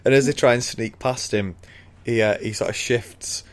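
A man's voice: mid-range voice, steady tone, moderate pace. A man casually retelling a book chapter as a podcast co-host, laid-back and laughing often.

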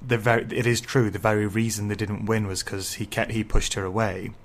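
A man's voice: fairly low pitch, level tone, a little fast, slight background noise. A man co-hosting a casual book-discussion podcast, laying out ideas step by step. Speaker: podcast co-host.

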